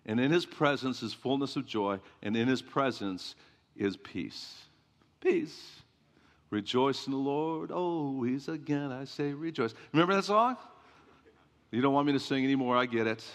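A pastor giving an emphatic sermon, repeating refrains and asking the congregation questions. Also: male voice, mid-range voice, a bit bright. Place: church sanctuary. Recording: long reverb of a church hall.

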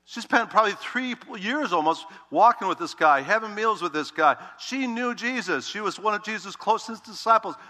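A male pastor preaching a sermon, telling the story with animated emphasis that swings between loud, urgent lines and hushed, quiet ones. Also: sits high, normal speed, few pauses. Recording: long reverb of a large hall.

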